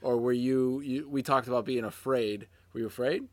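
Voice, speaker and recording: A man's voice: medium pitch, fairly even intonation, normal speed. Man hosting a casual chat. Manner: encouraging, follows up with questions. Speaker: host.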